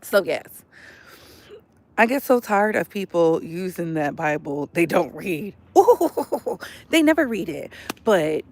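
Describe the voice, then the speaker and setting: Animated indignant woman ranting. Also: lowish voice, slow pace. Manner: animated, indignant, slangy, with emphatic repetition. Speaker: political commentary vlogger. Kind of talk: casual ranting commentary.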